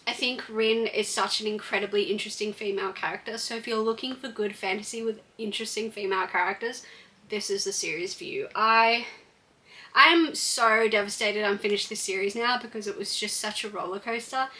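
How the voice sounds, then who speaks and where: A woman's voice: mid-range voice, fairly even intonation, a little fast, pushed and bright. A woman giving a blunt, chatty book review with frequent fillers and restarts. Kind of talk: casual book review vlog.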